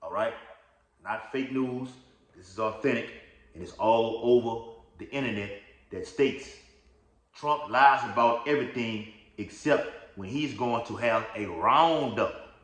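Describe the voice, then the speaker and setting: A man's voice: medium pitch, measured pace, roomy sound. A man giving an informal religious teaching, rambling and checking in with "okay?" and "all right?", reading verses aloud. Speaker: lay preacher.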